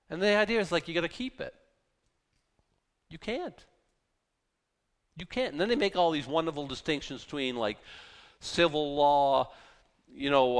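A man's voice: a little high, long reverb tail. A man preaching a sermon with passion and zeal, mixing in mocking asides. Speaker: pastor.

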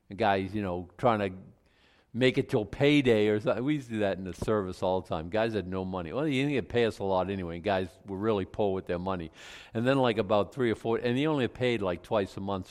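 A middle-aged male pastor preaching in a conversational way, breaking into loud emphatic outbursts. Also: on the low side. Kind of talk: sermon.

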